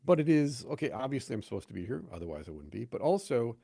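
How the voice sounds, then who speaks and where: A man's voice: medium pitch, quick pace, gravelly, slightly rough, no room sound, clean studio sound. A man, a pastor, talking casually in a podcast conversation, telling stories and acting out the voices of the people he quotes. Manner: animated storyteller, acts out quoted voices.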